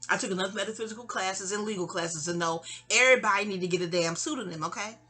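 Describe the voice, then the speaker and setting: Faint music plays behind a middle-aged woman with a New York accent as she rambles through a personal story for her vlog, digressing with fillers and restarts. Her mid-range voice is quick and sharp in tone.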